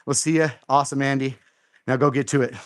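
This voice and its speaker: A middle-aged man coaches a home workout live, with a middling pitch and plenty of encouragement. He repeats his cues and keeps the instructions simple. His voice sounds dry and close. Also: fairly even intonation, fast, no echo. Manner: encouraging, repeats instructions, counts reps aloud. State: out of breath after exercise. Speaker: fitness coach and live show host.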